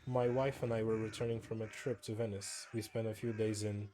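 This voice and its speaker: Haughty male nobleman, bored and worldly, mellow unhurried read, done by a streamer. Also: on the low side, level tone, a little hiss or hum, close to an everyday voice.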